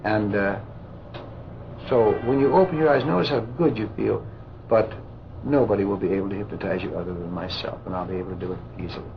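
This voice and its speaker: A man instructing doctors in a live hypnosis demonstration, giving slow soothing suggestions and lecturing with indignation. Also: lowish voice, gravelly. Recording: muffled old recording with loud hiss.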